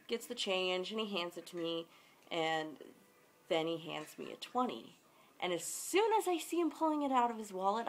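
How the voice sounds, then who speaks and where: A woman's voice: fairly low pitch, a little hiss or hum. A young woman vlogging, telling a work story in a chatty, dramatic way and acting out the people in it. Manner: chatty, dramatic retelling with quoted voices. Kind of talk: casual storytelling vlog.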